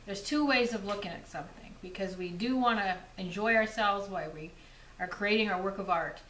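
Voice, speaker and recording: A woman's voice: medium pitch, a little fast, a bit bright, slight background noise. A woman co-hosting a jewelry channel, chiming in agreeably in casual chat. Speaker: co-host. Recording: echoey room.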